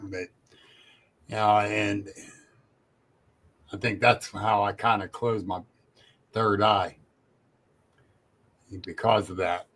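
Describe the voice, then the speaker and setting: Guy with a lowish voice, talks real slow, kinda hesitant. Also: little pitch movement, fairly bright tone. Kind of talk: casual chat.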